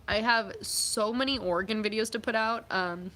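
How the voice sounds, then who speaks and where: A woman's voice: a little high, normal speed, bright, forceful tone, a little hiss or hum. A young woman vlogging, chatting casually and reading out viewer comments, upbeat and full of fillers. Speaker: vlogger and athlete.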